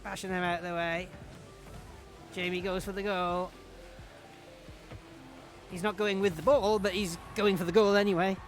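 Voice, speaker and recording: A man's voice: sits high, little pitch movement, normal speed, pauses often, soft background music. A man chatting in a rambling, self-mocking way while commentating his own gameplay on a stream. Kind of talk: casual game-stream commentary.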